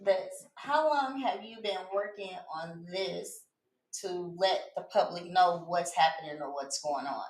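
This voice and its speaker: A woman hosting a podcast who asks calm questions and gives short affirming replies. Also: lowish voice, a little slow. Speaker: podcast host. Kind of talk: casual podcast conversation. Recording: echoey room with faint noise.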